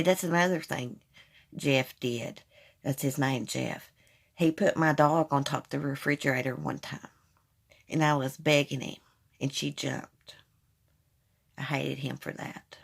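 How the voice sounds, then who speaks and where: A woman's voice: sits low, creaky. A woman hosting a casual live chat, candidly telling personal stories to her viewers on a phone stream. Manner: candid, storytelling, addresses viewers as y'all. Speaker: livestream host.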